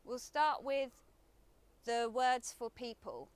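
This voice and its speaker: A woman giving an instructional lesson, explaining words in a careful, deliberate way. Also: fairly high pitch, sing-song, clear, resonant tone. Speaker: language teacher.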